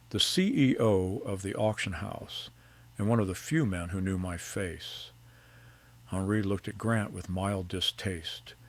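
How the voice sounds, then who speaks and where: A middle-aged man narrating a first-person story in a calm, measured, precise way. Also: sits low, creaky.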